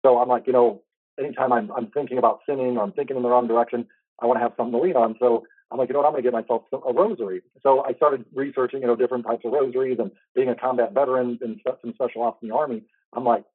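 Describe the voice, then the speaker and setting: A man's voice: mid-range voice, dry recording. A man hosting an interview, telling a personal faith story in an earnest, rambling way. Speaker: host. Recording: tinny phone-like line, dry.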